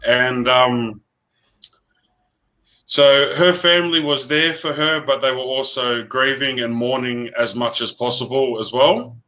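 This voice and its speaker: Man, mid-pitched, bright and forceful; earnest, halting personal storyteller. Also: fairly even intonation, low-quality recording. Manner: earnest, halting, with frequent restarts. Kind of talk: personal storytelling in casual chat.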